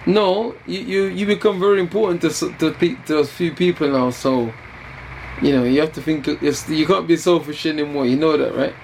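A man's voice: a little high, fairly quick, a little mellow, a little hiss or hum, poor audio. A man being interviewed during fight week, talking in a laid-back, teasing and rambling way.

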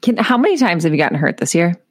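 A woman's voice: on the low side, big pitch swings, quick pace, no echo. A woman co-hosting a casual podcast chat, teasing and joking. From Minnesota. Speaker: podcast co-host.

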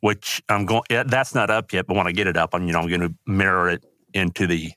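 An older man talks as an interview guest, his voice low and recorded dry and close. He speaks haltingly, with grief under the surface. When anger comes up, his voice rises sharply. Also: steady tone, bright, forceful tone, no room sound. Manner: halting, grief-stricken, voice rising when angry. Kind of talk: emotional interview talk.

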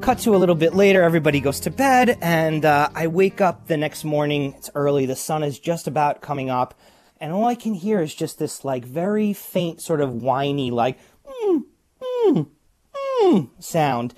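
A man telling a casual spoken anecdote, acting out voices and sounds in a lively way. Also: a little high, normal speed, faint music behind. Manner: animated, acts out voices and sounds. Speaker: guest storyteller.

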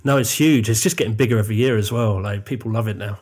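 A man's voice: fairly low pitch, quick pace, darkish tone, breathy edge. A man in his thirties hosting a podcast in casual chat, his voice nasal and stuffy from a cold, laughing easily as he talks. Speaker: podcast host.

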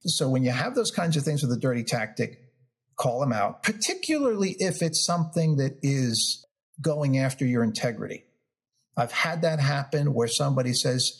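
A man's voice: mid-range voice, moderate pace. A man in his fifties from New York, with a New York accent, telling negotiation stories as an interview guest and acting out the quotes. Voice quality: husky, gravelly. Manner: animated storyteller, acts out quotes. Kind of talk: storytelling interview.

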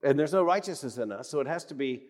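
A man preaching an emphatic sermon in a church, repeating phrases for weight and swinging from loud declarations to hushed tones. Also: mid-range voice, lively intonation, fast talker. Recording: long reverb of a church hall.

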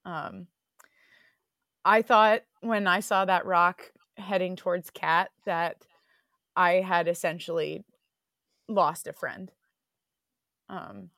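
A woman's voice: on the low side, fairly even intonation, takes it slowly, pauses often, fairly bright tone, dry recording. Earnest woman recounting a close call. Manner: reflective, many fillers, earnest. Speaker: guest. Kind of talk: interview storytelling.

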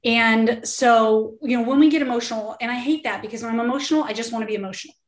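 A woman in her thirties talks earnestly as a podcast guest, encouraging and quick to laugh. Her voice sits fairly high, and an echoey room surrounds her. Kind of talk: casual interview talk. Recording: roomy echo.

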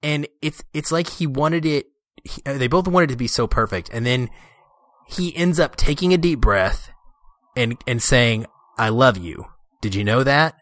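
A man's voice: on the high side, lively intonation, normal speed, a bit bright, no room sound. A man in casual chat about a film, earnest and enthusiastic, often restarting his sentences. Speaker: podcast co-host discussing a film.

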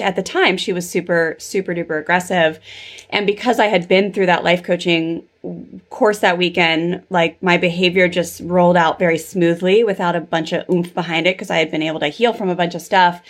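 Woman in her 30s, podcast host, rambly chatty storytelling, lots of 'like'. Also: lowish voice. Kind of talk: casual interview chat.

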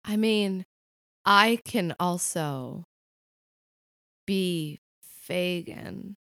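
A woman playing a tabletop role-playing game, wry and quick to laugh. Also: fairly low pitch, sharp tone, no room sound, clean studio sound. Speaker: player. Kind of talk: in-character tabletop play.

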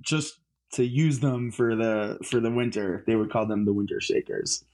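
A man's voice: lowish voice, moderate pace, darkish tone. A musician, a man, chatting as an interview guest, rambling with lots of fillers and restarts. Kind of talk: casual interview chat.

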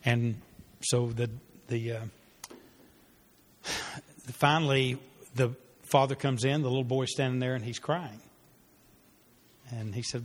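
A man with a medium-pitched, steady voice speaks slowly and pauses often while leading a church parenting class. As pastor, he teaches sermon-style through a story, talking earnestly and conversationally with fillers and restarts, in a space with long hall reverb.

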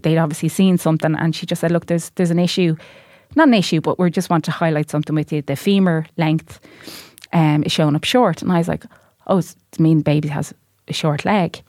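A woman's voice: on the low side, no echo, studio quality. An Irish woman, a podcast guest, telling a personal story in casual chat and acting out the voices of people in it. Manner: animated storyteller, acts out quoted voices.

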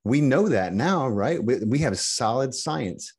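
A middle-aged man talking as a podcast guest in casual chat, halting and restarting often. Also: mid-range voice, expressive, darkish tone, husky. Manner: halting, many restarts and repeated words.

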